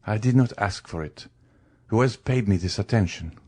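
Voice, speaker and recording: A man's voice: fairly low pitch, normal speed, darkish tone, breathy edge. A man voicing a stern, gloomy magistrate who speaks curtly and imperiously. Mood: curt cold. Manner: curt, imperious. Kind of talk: audiobook character reading.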